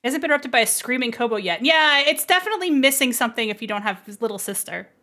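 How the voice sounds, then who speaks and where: A woman's voice: fairly high pitch, very fast. Giggly, playful streamer woman. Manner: giggly, playful, stammers when excited. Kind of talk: reading a visual novel aloud with commentary.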